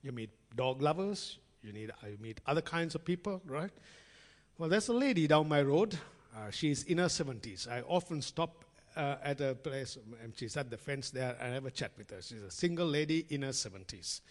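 Animated preacher in an echoing hall. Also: male voice, medium pitch, moderate pace. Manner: conversational, addresses congregation as friends; acts out quoted voices in storytelling. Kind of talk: sermon. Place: church hall. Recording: long reverb in a large hall.

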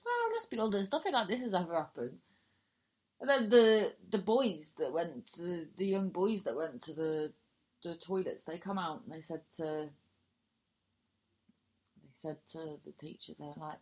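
A woman's voice: medium pitch, animated, normal speed. A young woman telling a rambling, sweary personal anecdote in a casual chat, breaking into laughter and digressions.

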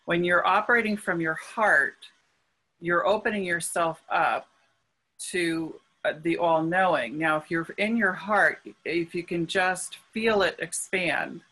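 A woman guest speaks with a bright, crisp voice. She explains her spiritual practice earnestly and gently. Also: fairly low pitch, unhurried, poor audio. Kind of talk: conversational interview.

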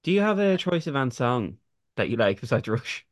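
A man's voice: mid-range voice, big pitch swings, normal speed, no room sound, clean studio sound. A young man co-hosting a podcast in casual chat, giggly and rambling, often restarting mid-thought. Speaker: podcast co-host.

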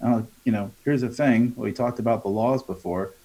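A man with a medium-pitched voice talks as a sales trainer in a relaxed interview. He coaches as he goes, slipping into the voices of customers and salespeople to act out their lines. He keeps checking in with a quick "right?". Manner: coaching tone, acts out customer dialogues, frequent tag "right?". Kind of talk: conversational podcast interview.

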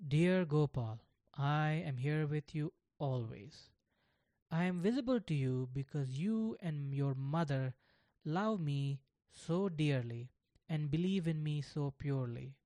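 A calm, gentle divine male voice speaks softly and slowly in a storybook tale, put on by the narrator. The sound is dry and close, with no room around it. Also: mid-range voice, dry recording. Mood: soothing. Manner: soothing, gentle, slow.

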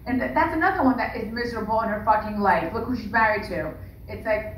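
A woman's voice: a little high, quick pace. Woman, podcast co-host, blunt, profane, distant mic, echoey room, faint background noise. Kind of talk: casual podcast chat.

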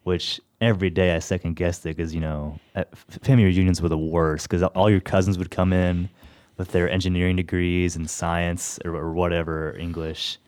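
A man's voice: low voice, flat delivery, moderate pace, a little mellow, smooth, no echo, clean studio sound. A young man from Tennessee, hosting a radio show in casual, rambling chat and laughing easily. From Tennessee, USA.

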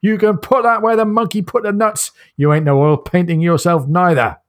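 A man voicing a gruff, touchy Janissary corporal with a Cockney accent, brash and blunt. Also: high-pitched, steady tone, normal speed, voice pushed up, natural voice. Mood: indignant.

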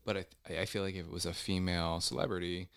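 A man in a casual podcast chat, quick and rambling in his talk. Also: sits low, flat delivery, fairly bright tone, clear, resonant tone, no echo, clean studio sound.

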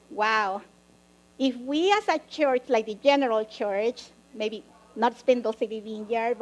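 A woman preaching a sermon, reading scripture slowly and deliberately with emphatic rises. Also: sits high, rough recording. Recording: mains hum in background.

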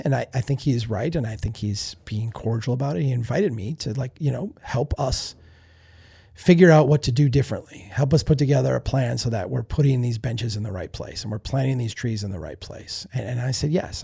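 A man with a gravelly, very husky voice and a dark, mellow tone tells a personal story on a podcast. He talks in a candid, self-reflective way, often restarting sentences and repeating words as he thinks aloud. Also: mid-range voice, expressive, a little fast. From Minnesota. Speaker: podcast host. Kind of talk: casual storytelling monologue.

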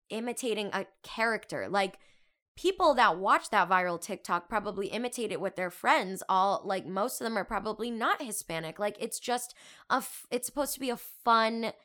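Bright, animated young woman host. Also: mid-range voice. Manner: animated and exclamatory, quick asides. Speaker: podcast host. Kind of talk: casual chatty monologue.

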